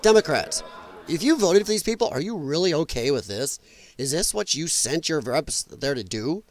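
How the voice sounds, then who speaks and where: A man's voice: fairly high pitch, expressive, moderate pace. A man from the United States hosting a livestream, reacting to clips with blunt, profane, sarcastic commentary. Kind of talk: casual ranting commentary.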